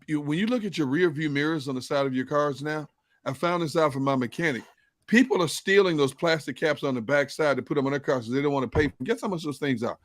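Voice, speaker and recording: A man with a somewhat high voice talks in an animated way on a video call. His sound is dry and close. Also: fast, dry recording. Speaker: show panelist. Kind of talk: casual sports talk.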